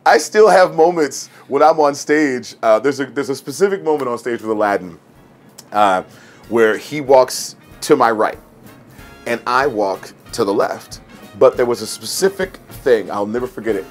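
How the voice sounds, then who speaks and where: A man in his forties, a stage actor, telling a personal story in a lively way and acting out the voices he quotes. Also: mid-range voice, moderate pace, soft background music. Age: 40s. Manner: animated, acts out quoted voices.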